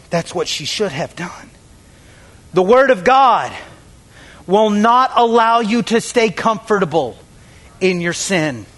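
A man preaching a sermon with emphatic delivery, swinging from raised calls to hushed, whispered asides as he acts out excuses. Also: high-pitched. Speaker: pastor.

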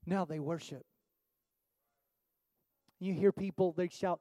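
A man's voice: high-pitched, normal speed, long pauses, dark tone, dry recording. A man pastor preaching a sermon with rhetorical questions, building to an impassioned altar call.

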